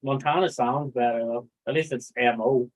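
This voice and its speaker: On a casual livestream, the host rambles, curses freely and reads out messages from chat. His mid-range voice keeps a fairly even intonation at a moderate pace, and the sound is tinny and phone-like.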